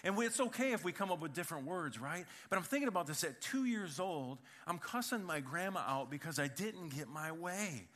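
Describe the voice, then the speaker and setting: A man's voice: fairly high pitch, expressive, brisk, hardly any pauses, a bit bright. A man preaching a sermon in church, opening with prayer and then telling a humorous personal story in a conversational way, speaking directly to the congregation. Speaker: pastor.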